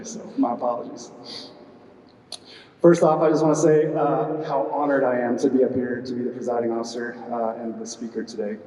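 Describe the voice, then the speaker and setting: A man's voice: medium pitch, mellow, slight background noise. A middle-aged man presiding over a retirement ceremony as squadron commander, giving a humorous speech full of "uh" fillers and audience banter. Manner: joking, chatty, with frequent "uh" fillers and audience banter. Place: large hall. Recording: echoey hall from a distance.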